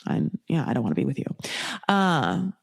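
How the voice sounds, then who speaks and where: A woman's voice: extremely low pitch, moderate pace, vocal fry, breathy edge. A woman hosting a casual recap podcast, talking bluntly and with lots of swearing. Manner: blunt, profane, animated. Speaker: podcast host. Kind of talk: casual reality-TV recap commentary.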